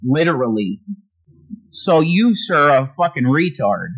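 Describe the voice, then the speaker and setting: Profane ranting man, wildly swinging pitch. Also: big pitch swings, measured pace, breathy edge, low-quality recording. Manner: angry profane ranting, swings loud and quiet. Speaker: livestream host. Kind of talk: ranting livestream talk.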